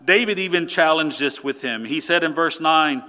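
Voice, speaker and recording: Guy preaching, bright forceful voice, kinda high, gets loud then real quiet. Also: normal speed, few pauses. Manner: emphatic, swings from loud to quiet. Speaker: pastor. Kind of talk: sermon.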